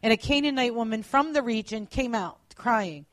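High-voiced woman preaching earnestly. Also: expressive, normal speed, hardly any pauses, dry recording. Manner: earnest, drops to quiet emphasis, corrects herself mid-sentence. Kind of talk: sermon.

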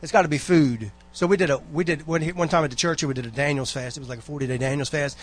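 A man's voice: a little high, fairly even intonation, quick pace. A man giving a rambling, folksy exhortation to a church congregation, full of asides and personal stories. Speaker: church member giving a talk.

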